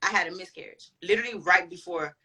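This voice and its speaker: A woman's voice: on the low side, quick pace, sharp tone, husky, rough recording. A woman guest on a chat podcast telling a personal story candidly, with lots of slang and swearing. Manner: candid, profane, slangy and emphatic.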